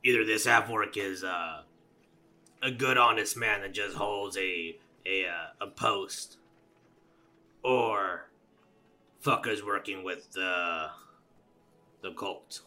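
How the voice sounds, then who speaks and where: A deep-voiced man with a sharp, bright edge to his sound. He talks casually and at length, cracking jokes as he plays a tabletop game. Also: slow pace, pauses often. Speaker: player.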